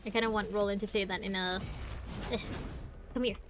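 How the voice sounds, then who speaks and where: A woman streamer giving live commentary while playing a game, reacting out loud and reading the story text aloud. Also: mid-range voice, steady tone, brisk. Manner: reactive, exclaims and groans at the game. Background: faint game music.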